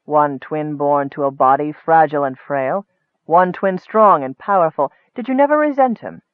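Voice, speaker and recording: A man voicing a sinister, frail male wizard who speaks softly with a hiss and a calm sneer. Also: a little high, normal speed, no echo, natural voice. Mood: dark. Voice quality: soft hissing voice. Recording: tinny phone-like dry sound.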